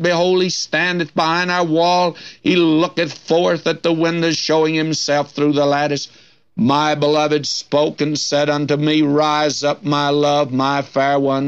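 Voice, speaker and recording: An older man delivers a folksy radio sermon in a slow, deliberate, fairly high voice. He reads scripture with dramatic flair, and the recording sounds dull and lo-fi. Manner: folksy, earnest preaching with dramatic scripture readings. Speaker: Bible teacher.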